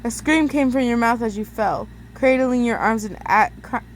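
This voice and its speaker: A young woman reads second-person fan fiction aloud in a fairly high voice. She is casual and laughs at her own stumbles. A faint hiss of noise runs under the recording. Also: normal speed. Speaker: story reader. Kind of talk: amateur fan-fiction reading.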